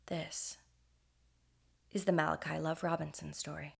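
A woman podcast co-host telling a true-crime tale in scripted comic narration, measured and deliberate. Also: sits low, little pitch movement, creaky, very noisy.

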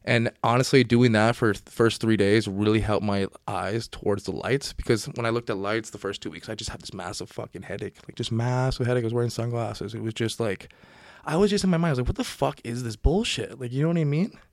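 A man's voice: lowish voice, a little fast, hardly any pauses, dry recording, clean studio sound. A young man hosting a podcast, telling a long story in a casual, profane, rambling way and acting out his own past words. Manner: profane, rambling, animated when quoting himself. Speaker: podcast host and football player.

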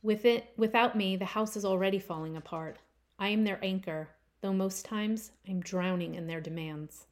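Woman, author, reading her own story aloud, first-person, expressive, mid-pitched, emphatic swells. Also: normal speed.

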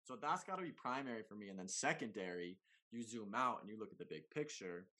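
A man who makes comedy videos, talking in a casual, slangy, animated way on a podcast, with big swings in pitch and loudness. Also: brisk. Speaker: comedy content creator guest.

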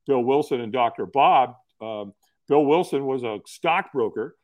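This middle-aged man, a podcast guest, relates his story in an earnest, folksy, casual way, repeating words as he opens sentences. He speaks at medium pitch and a measured pace, sounding animated.

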